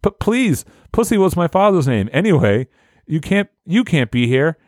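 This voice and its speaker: Giddy, excitable daydreaming young man, voice pushed high and bouncy, very dry close sound, a man doing the voice while reading a story aloud. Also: normal speed, no echo.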